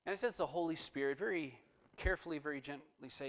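A middle-aged male pastor preaching a sermon in a relaxed, storytelling way. His voice sits a little higher than most men's. Now and then it swells into emphatic bursts. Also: fast, low-quality recording.

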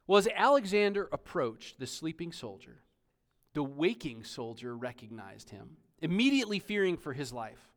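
Guy preaching a sermon, kinda high voice, really animated, slows way down to hit his points. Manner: storytelling, emphatic with slow stressed phrases. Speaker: pastor.

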